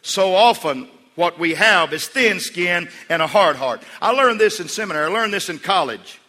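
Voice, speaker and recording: A man preaching a sermon as pastor, moving between hushed storytelling and loud, emphatic calls to the congregation. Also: sits high, expressive, normal speed. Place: church sanctuary. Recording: long hall reverb.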